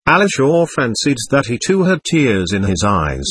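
A man narrates a novel in a measured, storytelling manner. His voice is husky and full of rises and falls, recorded close with no room sound. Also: medium pitch, very animated, fairly bright tone, no echo. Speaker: audiobook narrator. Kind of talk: scripted narration.

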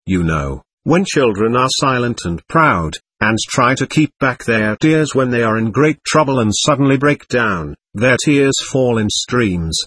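A man's voice: mid-range voice, animated, a little slow, hardly any pauses, a bit bright, slightly rough, no echo. A man voicing a poor, proud, grieving captain who tells his story with bitter emotion.

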